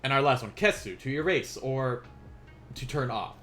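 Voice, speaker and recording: A man's voice: medium pitch, lively intonation, moderate pace, sharp tone, soft background music. A young man teaching a casual beginners' language lesson on a live stream, playful and chatty, often laughing at his own asides.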